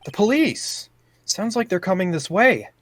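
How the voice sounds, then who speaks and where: A man's voice: high-pitched, sing-song, measured pace, voice pushed up. A man voicing an earnest young lawyer. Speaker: voice-over partner.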